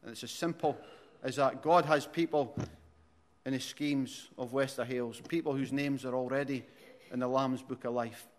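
With a mid-range voice, fairly even intonation and moderate pace, an Aberdonian Scottish pastor in his forties delivers a sermon. Originally from Aberdeen, he preaches earnestly, restarts repeatedly, and gets louder during stories.

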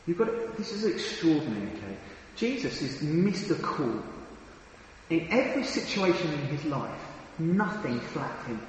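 A man's voice: fairly high pitch, big pitch swings, moderate pace, slight background noise. Earnest preacher man in an echoing hall. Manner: earnest, emphatic, with frequent restarts and repetitions. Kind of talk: sermon. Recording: very echoey hall with long reverb.

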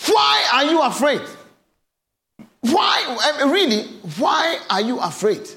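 A man preaching a sermon as pastor, emphatic and repeating his questions in a lively cadence, recorded in a church hall. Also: extremely high pitch, takes it slowly, creaky. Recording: roomy hall echo.

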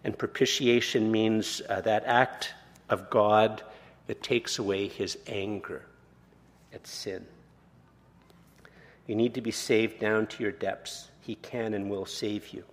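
A man in his sixties, a pastor preaching a sermon, conversational and self-deprecating, slowing down to read scripture. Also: fairly low pitch, steady tone. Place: church sanctuary. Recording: long reverb of a church hall.

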